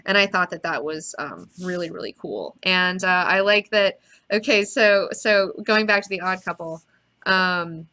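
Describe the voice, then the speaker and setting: Young woman host, bright, excitable, swears freely, rambling comic-book recap chat. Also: fairly low pitch, a little slow. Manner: excited, profane, rambling with many fillers. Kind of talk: casual recap and discussion.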